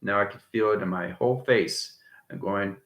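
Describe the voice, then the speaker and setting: A man giving a rambling spiritual monologue, chuckling often and swinging between soft and loud talk. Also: on the low side, normal speed, echoey room, dull audio. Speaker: channel host.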